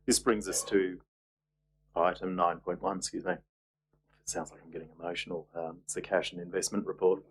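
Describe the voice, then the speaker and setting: A man's voice: low-pitched, slight background noise, low-quality recording. A man chairing a council meeting as mayor, businesslike with dry asides.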